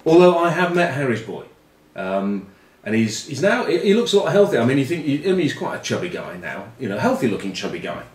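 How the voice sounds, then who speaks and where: A man spins casual comic stories in a rambling, wry way, full of asides. His mid-pitched voice is animated. The sound is roomy and a little distant from the mic. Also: a little fast. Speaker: show regular telling stories.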